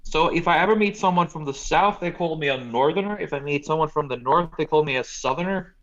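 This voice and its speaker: A man's voice: fairly high pitch, fast, fairly bright tone, muffled recording. A man from Norway with a Norwegian accent, chatting casually on a podcast, blunt and swearing freely. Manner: profane, blunt, joking. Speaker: podcast co-host. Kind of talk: casual chat.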